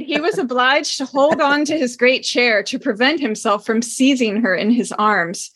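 A woman's voice: fairly high pitch, moderate pace, hardly any pauses, fairly bright tone, slightly rough. A woman hosting a podcast, chatting playfully and reading a passage from a novel aloud. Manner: playful, laughs often. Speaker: podcast host.

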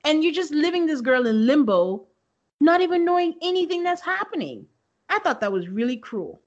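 A young woman co-hosting a podcast, recapping a reality show in a casual, animated way and acting out quotes with laughs. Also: sits high, moderate pace, highs cut off. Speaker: podcast co-host.

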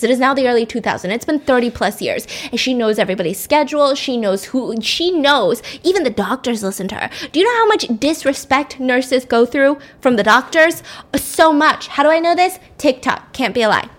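Chatty young woman telling a story. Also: on the high side. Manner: chatty, animated, acts out characters' lines. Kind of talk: casual storytelling.

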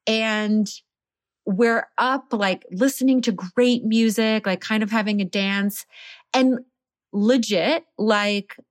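A woman in her thirties casually telling her birth story as a podcast guest, animated and laughing often. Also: mid-range voice, slow, no room sound, studio quality.

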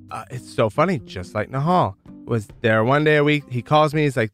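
A young man from Michigan, a founder telling his own story in a casual, candid way, lively when he quotes others. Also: mid-range voice, fairly quick, few pauses, faint music behind. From Michigan, United States. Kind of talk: storytelling, podcast interview.

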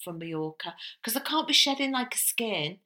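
A middle-aged woman co-hosting a podcast, chatting casually and telling stories with a quick laugh. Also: on the high side, lively intonation, bright, forceful tone. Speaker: podcast co-host. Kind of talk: casual chat.

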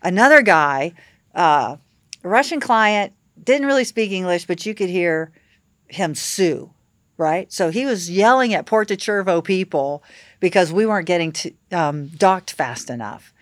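Woman, yacht captain guest, lowish voice, animated storytelling, dry studio sound. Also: unhurried, no room sound. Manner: animated anecdotes with acted-out quotes. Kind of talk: casual podcast storytelling.

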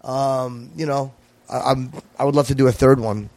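A man telling stories on a podcast in a blunt, profane way. His voice sits at an ordinary middle pitch. The sound is dry and close, with no room around it. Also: steady tone, a little mellow, no room sound. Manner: blunt, profane, quick storytelling. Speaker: guest comedian. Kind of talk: casual podcast chat.

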